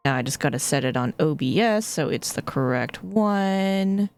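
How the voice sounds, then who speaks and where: Woman streamer rambling while she plays, low voice, bouncy pitch, swears a bit. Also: lively intonation, moderate pace, clear, resonant tone, soft background music. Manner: chatty, self-deprecating, swears casually. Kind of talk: casual live-stream chat. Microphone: streaming mic.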